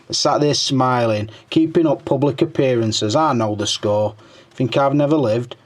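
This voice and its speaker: A middle-aged man with a medium-pitched voice runs his own toy review channel and reads through viewer comments at a moderate pace. The chat is casual, full of crude jokes and heavy swearing, and he mutters to himself as he scrolls.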